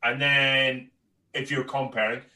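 A man's voice: mid-range voice, level tone, unhurried, sharp tone, distant mic, rough recording. A man with a Northern Irish accent, a comedian chatting on a podcast and telling stories, rambling with stammered restarts and plenty of swearing. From Northern Ireland. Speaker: guest comedian. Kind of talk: casual podcast chat.

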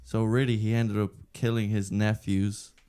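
A man's voice: on the low side, little pitch movement, moderate pace, warm tone, clean tone. A young man co-hosting a chat, explaining things at length in an earnest way. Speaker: podcast co-host. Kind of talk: casual chat.

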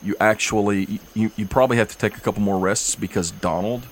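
A man narrating a tabletop game as game master, relaxed and halting with fillers. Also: lowish voice, a little hiss or hum.

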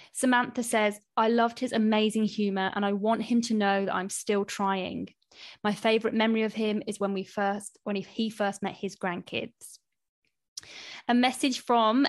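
Gentle woman podcast host, dry recording. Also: medium pitch, no room sound. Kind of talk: reading listener messages aloud.

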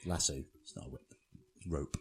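A man's voice: a bass voice, normal speed, vocal fry, a little hiss or hum. A man co-hosting a podcast, recapping a film in blunt, sweary, dry casual chat. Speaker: podcast co-host.

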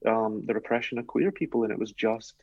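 A man with a Glaswegian accent, an author guest speaking in a thoughtful, earnest, measured way. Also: on the low side, darkish tone, dry recording, muffled recording. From Scotland. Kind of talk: reflective interview talk.

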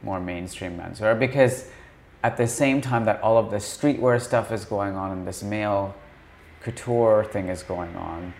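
Male interviewer, slightly low voice, relaxed and chatty, asks long open questions. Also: measured pace, slight background noise. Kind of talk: conversational interview.

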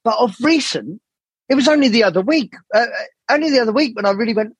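A man's voice: very high voice, quick pace, slightly rough, no echo. A man talking as a podcast guest in a candid, rambling way, swearing often. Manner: swears freely, animated rambling storytelling. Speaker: jazz saxophonist, podcast guest.

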